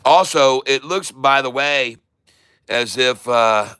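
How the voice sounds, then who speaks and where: A man hosting a casual stock trading livestream, folksy and excitable, chatting to viewers while he trades. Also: mid-range voice, slow pace, clean tone, no room sound, clean studio sound. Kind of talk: casual live market commentary.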